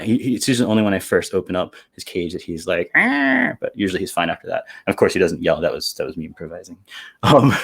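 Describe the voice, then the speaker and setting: A man presenting zoo animals in a live educational show, talking in a chatty, enthusiastic way with fillers and laughs. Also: medium pitch.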